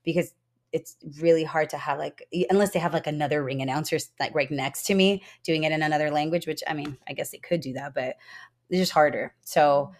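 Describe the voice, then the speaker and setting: A woman's voice: low-pitched, fairly quick. An American woman guest chatting animatedly in an interview, with lots of fillers. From United States. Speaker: guest, ring announcer. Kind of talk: casual interview chat.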